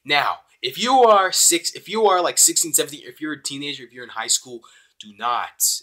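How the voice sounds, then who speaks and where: A young man giving a casual, rambling, excitable spoken review of an anime episode. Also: fairly high pitch, brisk. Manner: excitable, rambling, with many fillers.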